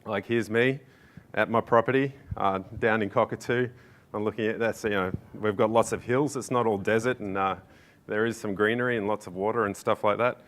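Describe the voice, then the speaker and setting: An Australian man speaking to a conference audience in a somewhat low voice. He talks in a loose, self-deprecating way, joking along with plenty of fillers. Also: steady tone, brisk, a bit bright. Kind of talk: casual joking conference talk. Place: stage in a conference room.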